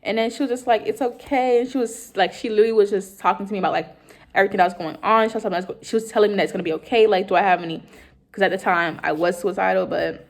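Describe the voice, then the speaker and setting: A woman's voice: mid-range voice, fairly even intonation, rapid-fire. A young woman in college, earnestly telling a personal story in a rambling way with many fillers. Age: young adult. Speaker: college student.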